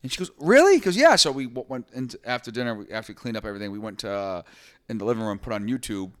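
A man's voice: on the low side, rapid-fire, sharp tone, clean tone, no echo. A man co-hosting a podcast, telling a long story in casual chat, swearing freely and acting out quoted voices. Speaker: podcast co-host.

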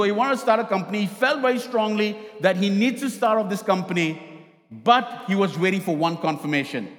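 A man's voice: high voice, expressive, quick pace. Storytelling male pastor in a reverberant hall. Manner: storytelling, acting out both sides of a conversation. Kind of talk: sermon. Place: church hall.

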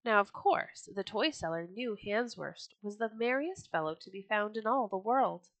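A woman reading old children's stories aloud for a podcast, gentle and expressive. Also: mid-range voice, moderate pace, no room sound, rough recording. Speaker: storyteller. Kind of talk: storybook read-aloud podcast.

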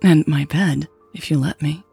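A woman voicing an eager, shy young woman in love, who gets squeaky when flustered. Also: steady tone, moderate pace, creaky, warm tone, husky, soft background music, exaggerated voice.

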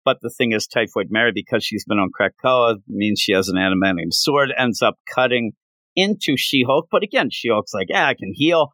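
A man's voice: lowish voice, animated, brisk, sharp tone, dry recording. A man co-hosting a comic book podcast, recapping an issue in casual chat and acting out the characters' lines. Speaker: podcast co-host.

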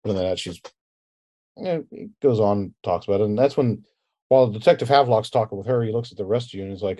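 A man's voice: fairly low pitch, a little fast, dark tone. A man narrating as game master of a tabletop game, in loose, rambling narration full of restarts.

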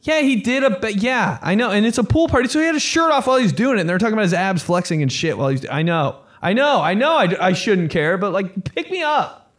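A man voicing a jealous, whiny teenage boy who calls his mom from a party and pleads in a high-pitched voice. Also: big pitch swings, fast talker, fairly bright tone.

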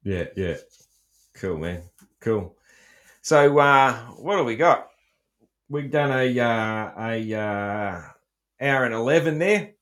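A man's voice: mid-range voice, lively intonation, takes it slowly, pauses often, a bit bright. A middle-aged Australian man hosting a casual chat, joking around and swearing freely, with plenty of ums. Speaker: podcast host.

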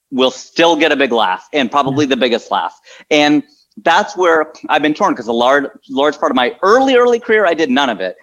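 Comedian guy in an interview, lively storyteller, mid pitched voice. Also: highs cut off. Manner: animated storyteller, leaps into high voices for quotes. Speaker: comedian guest. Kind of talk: casual interview talk.

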